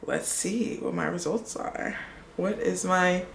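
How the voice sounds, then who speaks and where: Excitable woman vlogger with a low, slightly gravelly voice, recorded in an echoey room. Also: slow pace, slight background noise. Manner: excitable, gushing. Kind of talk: casual vlog, reading results aloud.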